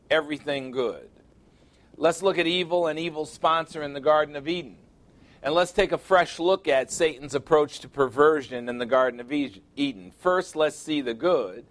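A middle-aged man preaching a sermon, reading scripture aloud and pressing his points with rhetorical questions. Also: fairly high pitch. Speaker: pastor.

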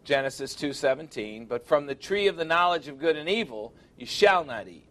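A middle-aged male pastor delivering a sermon in a somewhat high voice. He reads scripture aloud and drives his points home with emphatic rhetorical questions. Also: animated, a little fast, fairly bright tone.

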